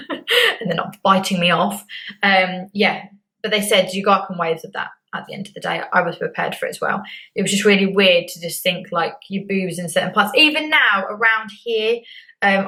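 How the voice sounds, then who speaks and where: Bright, chatty young woman. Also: medium pitch, poor audio. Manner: chatty and candid, acts out quotes. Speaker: beauty vlogger. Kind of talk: casual chat to camera.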